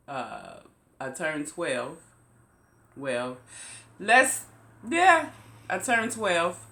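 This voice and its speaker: A woman vlogger telling a personal story to her viewers, slow and emphatic, repeating phrases for weight. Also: deep voice, sharp tone, echoey room. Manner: slow, repetitive, emphatic retelling. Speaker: YouTube vlogger.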